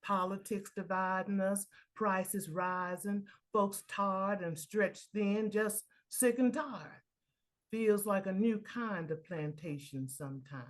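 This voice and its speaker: A woman speaks slowly and earnestly as a reader in a poetry readers' theater. Her recital turns loud and emphatic on its key lines. Her voice sits at an ordinary pitch. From Baltimore, Maryland. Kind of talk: reflective talk and dramatic poetry recital.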